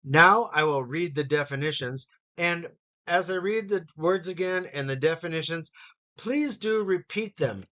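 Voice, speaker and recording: A man teaching an English vocabulary lesson, saying each word slowly and repeating it for learners. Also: a little high, bright, forceful tone, lo-fi sound. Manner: slow, careful pronunciation drills with repetition.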